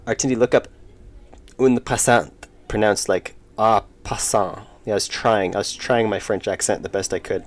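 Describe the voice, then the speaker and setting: A man's voice: lowish voice, quick pace, few pauses. A young man streaming his indie game work, rambling casually and reading chat aloud with self-deprecating jokes. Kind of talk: casual live-stream chat while working.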